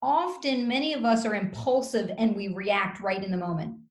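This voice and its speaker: A woman working as a communication coach gives advice in an interview, in a measured, instructive way. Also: medium pitch. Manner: measured, instructive, acts out calm example phrases. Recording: roomy echo.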